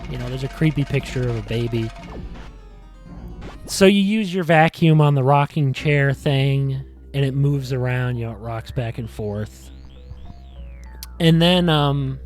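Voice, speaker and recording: A man talks through his podcast episode in a loose, rambling way, padding his sentences with "like" and "you know". His voice sits at an ordinary middle pitch, and faint music plays underneath. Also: a little mellow. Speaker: podcast host. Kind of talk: casual retrospective monologue. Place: in front of a green screen.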